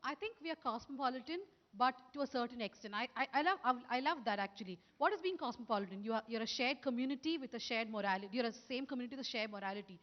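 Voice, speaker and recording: A woman from Kerala, speaking quickly and eagerly as a panelist. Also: a little high, animated, big-room sound, highs cut off. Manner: quick, eager, repeats herself.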